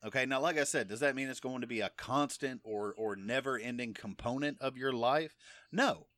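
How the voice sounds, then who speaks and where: A man's voice: medium pitch, moderate pace, a bit bright, no room sound. A middle-aged man teaching from the Bible in a casual, emphatic way, often checking in with "okay?". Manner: conversational, emphatic, frequent "okay?" check-ins. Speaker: preacher.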